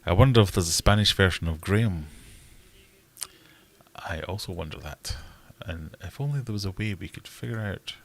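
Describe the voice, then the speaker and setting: A man's voice: low-pitched, animated, normal speed, slight background noise. A man hosting a casual livestream, answering chat in a rambling, wry, self-mocking way. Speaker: livestream host reading chat.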